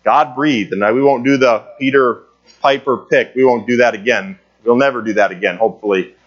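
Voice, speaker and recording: A man's voice: medium pitch, normal speed, dull audio. Man teaching a church Bible class. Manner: conversational, many "uh" fillers, asks the class questions. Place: church meeting room.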